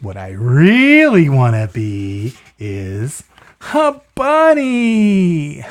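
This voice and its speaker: A storyteller voicing a restless young male bunny who keeps wanting to be a different animal, stretching out and shouting the name of each new animal. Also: mid-range voice, huge pitch swings, exaggerated voice. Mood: whiny, wishful. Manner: drawn-out, rising shouts on the final animal name.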